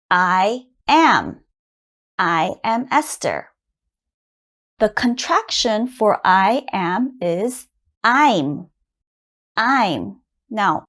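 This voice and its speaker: A woman teaching beginner English grammar at a board, patient and clearly enunciated, repeating words for learners to copy. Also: medium pitch. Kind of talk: slow beginner grammar lesson. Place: classroom at a board.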